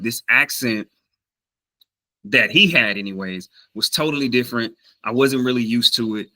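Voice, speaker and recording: Speaking at medium pitch and a measured pace, a Southern US man shares a language-learning story in a casual vlog with rough audio. He's animated, voices the people he quotes, and fills his talk with fillers and restarts.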